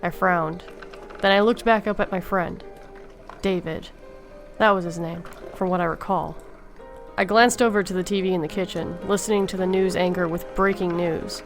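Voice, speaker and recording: A woman with a lowish voice reads a first-person horror story in a calm, tired deadpan. Soft music plays faintly behind her. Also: normal speed. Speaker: story narrator.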